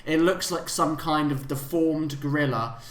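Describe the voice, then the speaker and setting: A man narrating a tabletop game as game master, halting and full of fillers. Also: on the high side, roomy sound, a crowd in the background. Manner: halting, many fillers and restarts.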